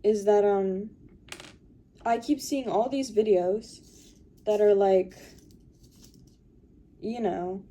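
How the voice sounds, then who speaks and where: Weary rambling young woman, mellow voice. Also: mid-range voice, fairly even intonation, slow, long pauses. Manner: rambling, filler-heavy, weary; sorting through makeup and purse while talking. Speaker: vlogger. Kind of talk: casual confessional vlog.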